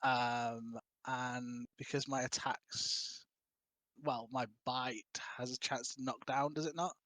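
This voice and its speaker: A man's voice: medium pitch, steady tone, takes it slowly, fairly bright tone, no echo. A man playing a druid in a tabletop game, asking rules questions and reading them out. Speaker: player. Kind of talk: casual tabletop play.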